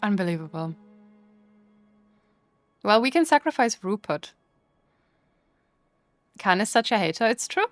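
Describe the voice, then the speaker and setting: A playful woman streamer talks to her chat in a mid-pitched voice, swinging into mock outrage and teasing. The sound is dry and close, with faint music under her voice. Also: sing-song, a little slow, pauses often, no room sound. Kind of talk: casual chat with live chat.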